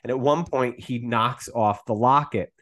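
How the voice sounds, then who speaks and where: Man, casual podcast chat, rambling, lots of likes and ums, middle pitch. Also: unhurried, fairly bright tone. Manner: rambling retelling, many fillers. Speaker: podcast co-host.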